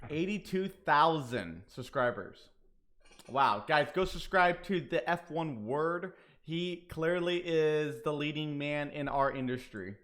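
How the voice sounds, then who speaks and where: A man hosting a casual race watch-along stream, talking excitably and swearing now and then. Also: a little high, measured pace, few pauses. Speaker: livestream host.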